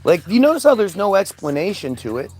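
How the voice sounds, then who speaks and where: A man's voice: high voice, big pitch swings, a little fast, darkish tone, soft background music. A man ranting angrily in a commentary video, profane and sarcastic, and at times mocking others in put-on voices.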